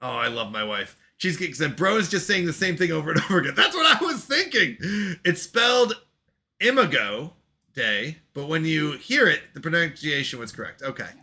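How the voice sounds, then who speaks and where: A male streamer talks casually to his audience with an excitable manner and frequent laughter. His voice sits high and jumps around in pitch. The tone is very bright. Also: brisk. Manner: excitable, laughs often, exclaims at himself. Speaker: live-stream host. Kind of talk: casual live-stream chat.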